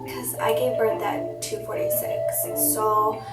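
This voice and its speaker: Slow-talking young woman, echoey room. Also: on the high side, huge pitch swings, far from the mic. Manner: rambling, many fillers. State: tearful. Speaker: vlogger. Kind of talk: storytime vlog. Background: music playing.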